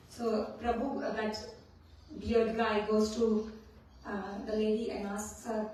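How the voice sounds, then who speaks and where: A woman's voice: fairly high pitch, steady tone, unhurried, darkish tone, a little hiss or hum. A woman from India, giving a devotional scripture class and telling stories that often check in with the listeners. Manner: storytelling, often checks in with "right?". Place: temple hall. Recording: very echoey hall, mic at a distance.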